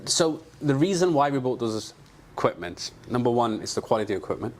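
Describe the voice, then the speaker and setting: A man's voice: medium pitch, a little fast. A man, a clinic doctor, telling stories in a casual interview, acting out dialogue with plenty of fillers. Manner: animated anecdotes with quoted dialogue and fillers. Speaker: aesthetic doctor, clinic co-founder.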